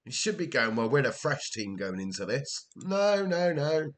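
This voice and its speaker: A man's voice: mid-range voice, very animated, moderate pace, a bit bright. A man from Wales giving casual commentary while playing a game, talking to himself, exasperated and swearing. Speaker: gameplay commentator.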